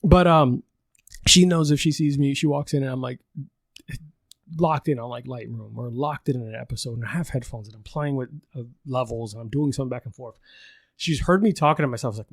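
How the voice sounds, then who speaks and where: A man's voice: mid-range voice, expressive, a little fast, no echo. A man hosting a podcast in a loose, casual chat, swearing often and laughing as he rambles. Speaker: podcast host.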